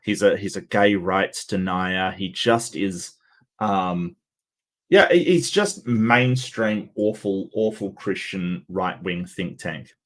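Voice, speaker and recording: Sarcastic, halting livestream host, low voice. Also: male voice. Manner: sarcastic, halting with many restarts. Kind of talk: casual livestream commentary.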